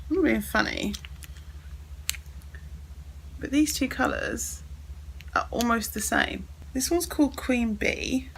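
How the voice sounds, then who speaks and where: A woman's voice: mid-range voice, gravelly, sharp tone, slight background noise, poor audio. A woman chatting casually as she unboxes and swatches makeup, thinking aloud as she goes. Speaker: beauty vlogger.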